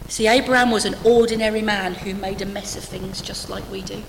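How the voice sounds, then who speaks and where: A woman's voice: medium pitch, fairly even intonation, fairly quick, a little hiss or hum. A woman preaching a sermon to her church, conversational and humorous, with dry asides. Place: church hall. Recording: echoey church hall, faint ambience.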